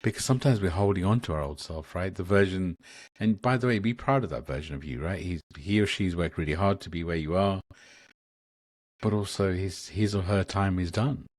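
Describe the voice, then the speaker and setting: He's a guest on an Akashic Records channel, speaking over a video call in a low voice that moves fairly quickly, with no room sound. Earnest and rambling, he keeps restarting as the casual spiritual talk goes on.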